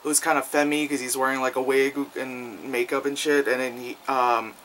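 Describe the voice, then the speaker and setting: A man with a medium-pitched, fairly bright voice and little pitch movement reviews a film casually at a moderate pace. The recording is rough, with a little hiss or hum. His delivery is loose and profane, full of fillers, and he acts out quoted lines in jumpy voices.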